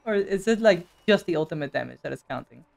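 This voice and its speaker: Animated man streaming a game. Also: a little high, fast talker, gravelly. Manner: animated, bursts into excited shouts. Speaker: gaming streamer. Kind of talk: live gameplay commentary.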